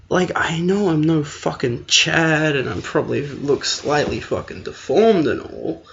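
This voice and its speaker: A man's voice: on the high side, lively intonation, normal speed, creaky. A young man, ranting crudely and mocking himself as he tells a story. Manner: profane, self-deprecating, ranting. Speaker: podcast co-host. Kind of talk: crude comedic rant. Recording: dull lo-fi recording.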